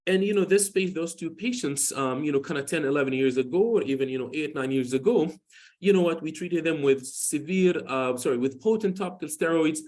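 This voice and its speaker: A man in his forties with a slightly high voice gives a hospital lecture on skin medicine. His speech rambles, often looping back through "you know" and restarts. He tells patient stories in an easygoing, informal way. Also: fairly quick, a little mellow. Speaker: dermatologist giving a hospital lecture.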